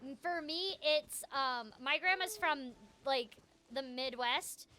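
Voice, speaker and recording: A woman hosting a casual chat in an animated, chatty way, with a light Minnesotan tinge to her American accent. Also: sits high. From Seattle, USA. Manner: chatty, animated, quick to laugh. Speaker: host.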